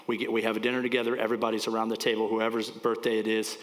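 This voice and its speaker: A man's voice: on the low side, monotone, very fast. A man in his forties, a pastor teaching in a casual, rambling way, at times choked up with emotion. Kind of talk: sermon, conversational teaching. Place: church. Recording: church hall with long reverb.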